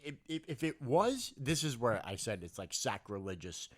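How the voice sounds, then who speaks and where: Man, podcast co-host, casual chat, animated, lively pitch, laughs loud. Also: moderate pace. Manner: animated storyteller, laughs loudly, swears.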